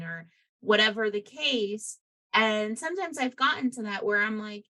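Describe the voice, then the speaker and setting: A woman's voice: mid-range voice, animated, a little slow, pushed and bright. Earnest, rambling woman podcast host. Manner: rambling, many fillers and restarts, earnest. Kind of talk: casual conversational chat.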